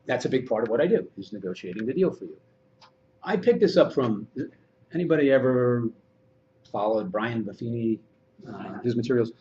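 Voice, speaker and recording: Man, training presenter, animated and chatty, slightly muffled room recording. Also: lowish voice, a little hiss or hum. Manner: animated, conversational, acts out dialogue. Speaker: real estate agent and trainer.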